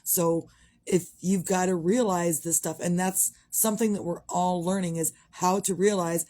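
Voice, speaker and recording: Lady in her middle years, lowish voice, rambling and blunt, swears a lot. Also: normal speed, mellow. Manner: frank, rambling, swears freely. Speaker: vlogger. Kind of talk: candid casual monologue.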